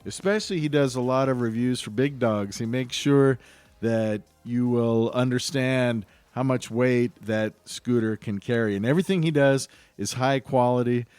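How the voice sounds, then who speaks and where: A man's voice: medium pitch, moderate pace, a little mellow, clean tone, no echo, faint music behind. A man hosting a podcast, talking in a rambling, enthusiastic, chatty way. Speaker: podcast host. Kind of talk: casual podcast monologue.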